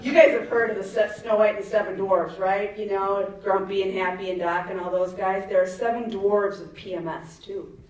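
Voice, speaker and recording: Fifties mom doing chatty stand-up. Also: female voice, medium pitch, steady tone, moderate pace. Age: 50s. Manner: chatty, laughs at her own jokes, asks the crowd. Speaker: stand-up comedian. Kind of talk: stand-up comedy set. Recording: echoey venue, mic far off, faint ambience.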